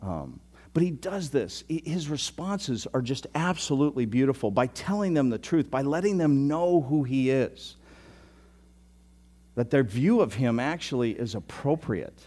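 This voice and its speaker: A man preaching a sermon as pastor, teasing his listeners and telling the story with lively, sudden loud bursts. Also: mid-range voice, a little slow.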